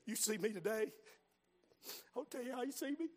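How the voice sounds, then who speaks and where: High-voiced preacher in an echoing hall. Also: male voice, lively intonation, moderate pace. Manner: swings from hushed storytelling to shouted exhortation. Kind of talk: sermon. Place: church sanctuary. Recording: long hall reverb.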